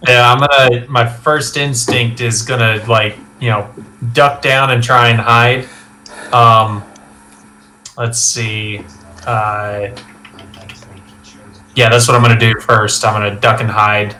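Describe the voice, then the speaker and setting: A young man plays a tabletop game, thinking aloud over his move. He talks very slowly, with a bright, tense tone. His voice is a little off mic, with faint noise behind it. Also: mid-range voice, fairly even intonation. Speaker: player.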